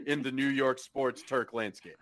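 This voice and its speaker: A man's voice: medium pitch, fairly even intonation, normal speed, fairly bright tone. A man hosting a sports podcast in casual chat, sarcastic and swearing, with mock outrage. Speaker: podcast host.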